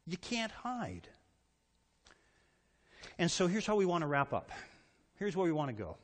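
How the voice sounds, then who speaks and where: A man pastor giving a sermon, with dramatic pauses and quotes he acts out. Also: on the high side, very animated, in a large hall.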